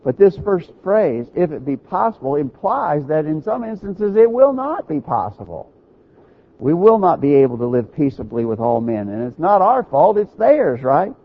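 A man's voice: fairly high pitch, sing-song, moderate pace, husky, dull audio. A man preaching a sermon, teaching earnestly, quoting scripture and checking in with his listeners.

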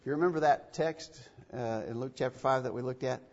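A man's voice: medium pitch, fairly quick, a little mellow. A man preaching a sermon in a church, emphatic and given to repeating phrases for stress. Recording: dull, echoey church recording.

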